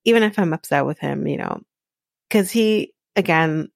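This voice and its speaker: A woman's voice: low voice, lively intonation, moderate pace, creaky, no room sound, studio quality. A woman from Jamaica hosting a podcast, giving blunt, sarcastic casual commentary and swearing freely. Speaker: podcast host recapping a reality show.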